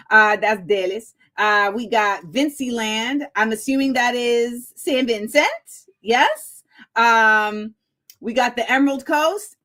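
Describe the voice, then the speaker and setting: Chatty excitable woman hosting live. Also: fairly high pitch. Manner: chatty, excitable, laughing often. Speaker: host. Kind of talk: live-stream talk show chat.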